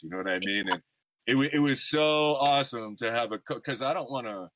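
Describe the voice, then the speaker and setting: This man in his thirties hosts a podcast and tells stories in a casual interview chat, easygoing and slangy with frequent fillers. He talks a little fast in a mid-range, fairly bright voice, and there's a little hiss or hum.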